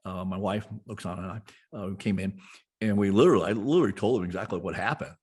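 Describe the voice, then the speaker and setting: Husky rambling middle-aged man. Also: sits low, quick pace, darkish tone. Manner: rambling, many restarts and fillers. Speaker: podcast host, guest being interviewed. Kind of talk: casual storytelling conversation.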